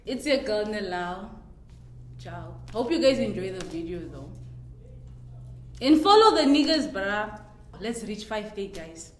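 A woman's voice: mid-range voice, sing-song. A woman on a casual group chat panel who teases playfully and laughs often. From Namibia. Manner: slow, laughing, playful teasing. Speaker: podcast panelist. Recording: echoey room with faint background noise.

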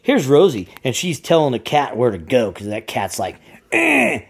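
A man's voice: mid-range voice, very animated, moderate pace, darkish tone, husky. A man giving goofy, sarcastic running commentary over cartoon clips. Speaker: channel host.

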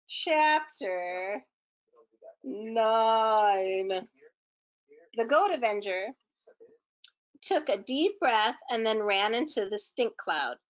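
A woman reading a children's book aloud in a gentle, expressive storytelling manner. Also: on the high side, drawn-out words, pauses often, highs cut off.

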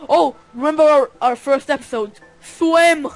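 A man's voice: very high voice, moderate pace, faint music behind. A teenage boy playing a game with friends, hesitant and joking, with many fillers. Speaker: co-player. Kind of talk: casual gameplay chat.

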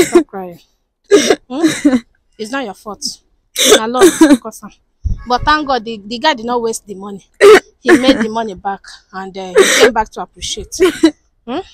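A woman's voice: a little high, lively intonation, normal speed, pauses often, dry recording, low-quality recording. A woman playing a pleading Nigerian daughter. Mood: soothing. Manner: begging, soothing, repetitive pleas. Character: pleading young daughter, gentle peacemaker. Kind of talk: Nollywood-style skit acting.

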